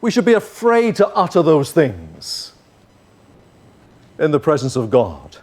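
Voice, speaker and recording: Male pastor, higher voice, very lively delivery, earnest sermon, swings between loud and quiet. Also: measured pace. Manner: earnest, rises and falls from forceful to hushed.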